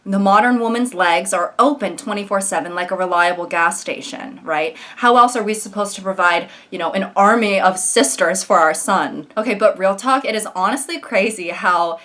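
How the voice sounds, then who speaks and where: A woman's voice: mid-range voice, moderate pace, few pauses, fairly bright tone. A young woman giving sarcastic comedic commentary on social media posts, mocking them and slipping into exaggerated voices. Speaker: commentary YouTuber.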